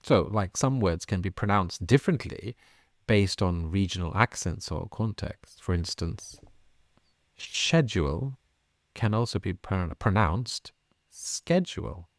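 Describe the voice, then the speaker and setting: A man's voice: low voice, moderate pace, no echo, studio quality. A British man who teaches English, co-hosting a casual pronunciation podcast, often laughing and repeating himself. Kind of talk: casual educational chat.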